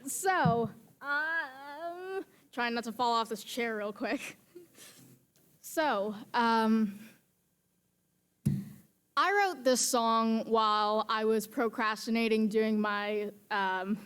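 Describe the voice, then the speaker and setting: A teenage girl casually introducing her song onstage in a chatty, relaxed way. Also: fairly high pitch, drawn-out words, pauses often, smooth. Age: late teens. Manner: chatty, relaxed, lots of fillers. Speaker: student performer.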